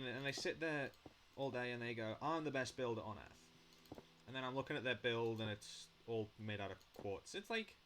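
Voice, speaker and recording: Young man, casual rambling vlog, lively swooping pitch, blunt and chatty, faint hiss behind. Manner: chatty, blunt, swears casually, lots of fillers. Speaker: Minecraft builder vlogging.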